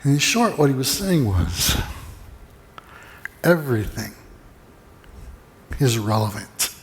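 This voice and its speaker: A man preaching a sermon in an easygoing, storytelling way, with a voice of middling pitch. He often doubles his words as he restarts a thought. His voice rings with a long reverb through a church sanctuary. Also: very animated, slow, a little hiss or hum. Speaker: pastor.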